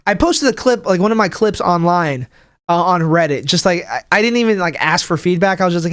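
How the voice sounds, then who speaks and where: A young male comic rambles through a casual podcast rant, his voice sitting fairly high. He restarts sentences constantly, swears freely, and jumps his pitch up whenever he acts out what other people said. The close mic sounds dry, with almost no room in it. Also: lively intonation, a little fast, a bit bright, clean tone, dry recording. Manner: acts out people's quotes in a higher voice. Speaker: podcast host; stand-up comic. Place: home room, livestreaming.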